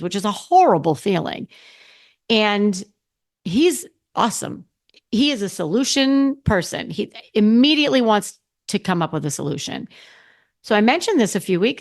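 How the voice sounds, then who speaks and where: A middle-aged woman hosting her own podcast, talking casually and candidly, often restarting and correcting herself. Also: medium pitch. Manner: candid, rambling with frequent restarts and self-corrections. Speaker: podcast host. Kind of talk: casual solo podcast talk.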